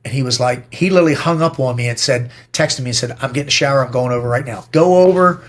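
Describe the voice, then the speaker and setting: A man's voice: medium pitch, fast talker. A middle-aged man being interviewed, talking in a blunt, emphatic and profane way as he tells stories. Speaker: podcast guest. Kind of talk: casual interview talk.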